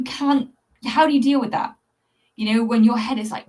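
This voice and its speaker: A woman's voice: fairly high pitch, steady tone, brisk, darkish tone. Earnest woman confiding to camera. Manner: earnest, confiding, addresses viewers directly; conversational with fillers and restarts. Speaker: channel host, cat anxiety coach. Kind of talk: candid personal vlog talk to camera.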